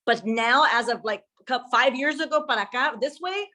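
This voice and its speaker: A young adult woman, a social media consultant, chatting casually and lively in a workshop, slipping in Spanish phrases. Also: high-pitched, moderate pace.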